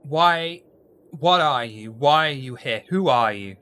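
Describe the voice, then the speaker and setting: An actor playing an imperious female vampire who demands answers from strangers, raised in pitch and voice. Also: lively intonation, slow pace, bright, forceful tone, clear, resonant tone. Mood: demanding. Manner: demanding, interrogating.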